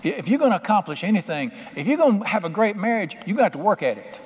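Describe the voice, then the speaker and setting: A man preaches in a folksy, animated way, slipping in punchy asides between scripture lines. His voice sits a little high for a man. It rings out with the long echo of a large church sanctuary. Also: fast talker, breathy edge. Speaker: pastor. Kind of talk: sermon.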